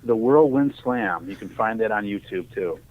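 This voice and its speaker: A man's voice: on the low side, moderate pace. Rambling ex-fighter man on a tinny line. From Ohio. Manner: rambling, animated, acts out quoted dialogue. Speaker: podcast guest. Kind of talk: casual storytelling. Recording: tinny phone-like audio.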